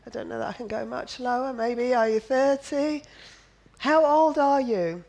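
Lady preaching slow and emphatic, bit high-pitched, keeps asking the room questions and cracking little jokes. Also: a little mellow, rough recording. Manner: emphatic, rhetorical questions in repeated runs; drops in playful asides and jokes. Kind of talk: sermon.

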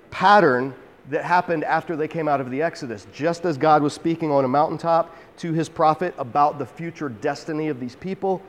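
A man's voice: mid-range voice, big-room sound. A man teaching a Bible chapter verse by verse in a conversational, emphatic way, often restarting his phrases.

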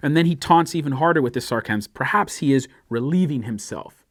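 A man's voice: mid-range voice, lively intonation, brisk, no echo, clean studio sound. A male pastor preaching a sermon. He reads scripture with rising emphasis and explains it in a conversational way. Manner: acts out sarcastic and pleading voices in quotes.

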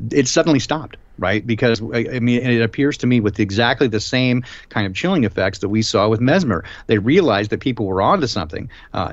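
A man hosting a live stream discussion, talking in a rambling, emphatic way with many filler pauses. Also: fairly low pitch, no echo. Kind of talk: casual discussion. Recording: dull lo-fi stream audio.

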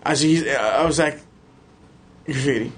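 A middle-aged man, a podcast guest telling animated stories and acting out the voices of other people. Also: medium pitch, measured pace, breathy edge. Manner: animated, acts out quoted voices. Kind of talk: casual storytelling chat.

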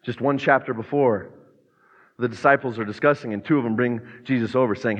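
A pastor preaches an earnest sermon in a church sanctuary, now and then acting out quoted voices. His mid-range voice moves fairly quickly. The sound is muffled, with long church reverb.

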